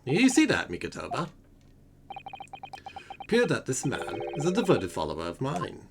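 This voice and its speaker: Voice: medium pitch, huge pitch swings, normal speed, gravelly, noisy background. A streamer doing a pompous grand detective. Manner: grandiose, theatrical, self-satisfied. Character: pompous eccentric male great detective.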